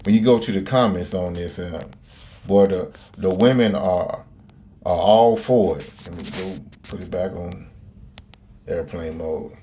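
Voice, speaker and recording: A man's voice: deep voice, unhurried, warm tone, a little hiss or hum. A man giving blunt, opinionated commentary on a phone, rambling with many fillers and restarts and plenty of profanity. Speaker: video commentator.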